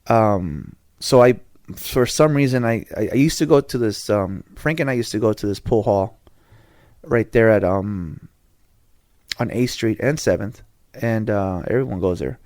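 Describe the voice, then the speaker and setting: A man's voice: lowish voice, unhurried, darkish tone, no room sound, studio quality. A man hosting a podcast, telling a rambling personal story in casual slang, with restarts and asides. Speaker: podcast host.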